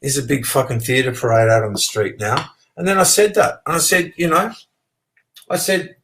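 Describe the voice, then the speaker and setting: A man's voice: medium pitch, very animated, a little fast, fairly bright tone, low-quality recording. An Australian man telling a rambling story as an interview guest, swearing freely and talking with animation. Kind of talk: casual storytelling.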